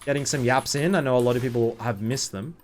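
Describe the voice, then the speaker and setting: A man's voice: medium pitch, fast. A young man, jet lagged, rambling through casual gameplay commentary as a streamer with joking, sarcastic asides.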